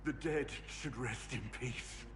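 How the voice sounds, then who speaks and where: An actor playing a weary soldier in a video game, speaking in a shaken, disbelieving way. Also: male voice, mid-range voice, takes it slowly, background noise, natural voice. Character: weary soldier in a grim future.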